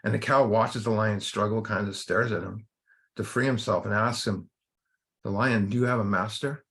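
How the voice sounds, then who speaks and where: A man's voice: on the low side, fairly even intonation, normal speed, fairly bright tone. A man leading a recovery workshop, giving an informal spiritual talk in a rambling way, full of fillers and restarts.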